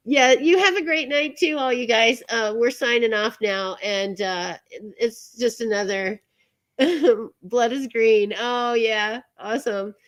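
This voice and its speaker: Slow, halting woman host. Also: fairly high pitch. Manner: halting, many fillers, laughs often. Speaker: show host. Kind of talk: casual live-stream sign-off chat.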